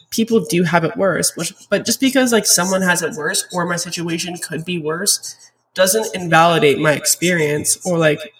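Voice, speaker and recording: A woman's voice: lowish voice, distant mic, low-quality recording. Tearful young woman, mic set back. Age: 20s. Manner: rambling, heavy on "like" fillers, open and confessional. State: tearful, choked up. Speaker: podcast host. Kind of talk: casual solo podcast talk.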